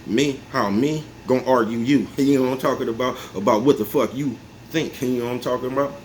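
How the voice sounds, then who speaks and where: Fast and mid-range with a darkish tone, a forty-something male vlogger chats casually to his viewers in a rambling monologue. He's laid-back, often chuckles, and repeatedly asks if they follow with "you know what I'm talking about." The recording carries faint background noise.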